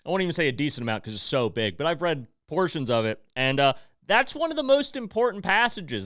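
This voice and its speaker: A man's voice: medium pitch, fairly bright tone, clear, resonant tone, no room sound, studio quality. A man hosting a podcast, ranting in a heated, profane, blunt way and breaking off now and then to apologize. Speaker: podcast host. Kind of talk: casual opinion rant.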